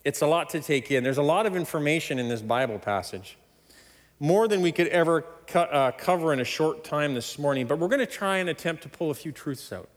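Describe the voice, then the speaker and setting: Male pastor, sermon, emphatic, sudden loud stresses, laughs between points, echoing hall. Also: on the high side, lively intonation, a little fast. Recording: long hall reverb.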